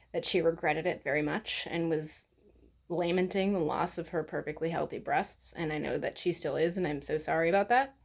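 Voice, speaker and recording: A woman vlogger talking in a blunt, sarcastic, profane way as she rants to the camera. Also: lowish voice. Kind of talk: casual ranting vlog.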